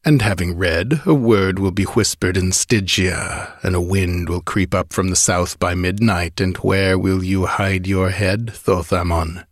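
Read by a man, a scheming outlaw lord speaks in a deep, low voice with imperious, sneering threats. The sound is close and dry, with no room around it. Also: fairly even intonation, a little slow, few pauses, no echo. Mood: menacing. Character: scheming ambitious male outlaw noble, cold and commanding. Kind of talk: audiobook character reading.

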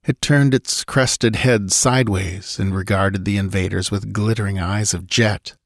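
Low-voiced male audiobook narrator. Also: steady tone, gravelly, dry recording, clean studio sound. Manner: measured, storytelling. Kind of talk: scripted narration.

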